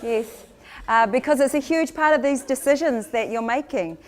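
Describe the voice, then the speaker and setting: A woman with a New Zealand accent talks casually to a live audience and slips Māori phrases into her English. Her voice sits a little high, and her manner is teasing and easygoing. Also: moderate pace. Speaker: co-presenter of a language workshop.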